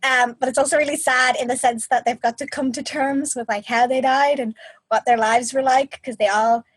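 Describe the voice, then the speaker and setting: A woman co-hosting a podcast in casual chat, animated and expressive. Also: high-pitched, moderate pace, breathy edge, no echo. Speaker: podcast co-host.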